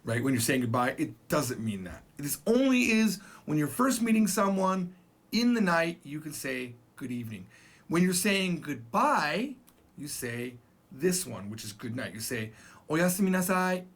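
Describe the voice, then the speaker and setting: Give me a man in his forties teaching a relaxed language lesson, his voice a touch high and very animated. He talks in a chatty, emphatic way and slowly repeats each phrase so learners can copy it. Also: breathy edge. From Japan. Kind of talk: casual spoken lesson.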